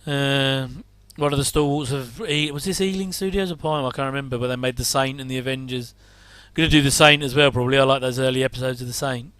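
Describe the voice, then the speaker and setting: A man's voice: mid-range voice, quick pace, few pauses, a bit bright, clean tone, no echo. A middle-aged man giving rambling casual commentary while watching an old TV episode, with wry asides and chuckles.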